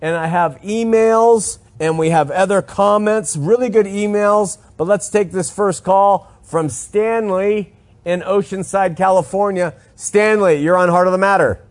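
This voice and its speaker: A man hosting a religious call-in program. His voice sits a little higher than usual, and he talks earnestly, pressing each point with emphasis. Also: unhurried. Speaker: radio call-in show host. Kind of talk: call-in radio talk, religious commentary.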